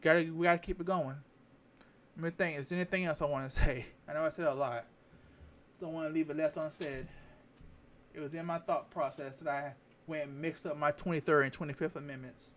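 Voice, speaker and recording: A man's voice: on the high side, fairly even intonation, fairly quick. A man giving candid political commentary to camera, rambling, repeating phrases and stopping to check his facts. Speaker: vlogger.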